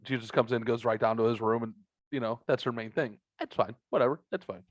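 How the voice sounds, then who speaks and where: A man's voice: mid-range voice, steady tone, fast talker, no echo, muffled recording. Profane rambling podcast guy. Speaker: podcast host. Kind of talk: casual chat.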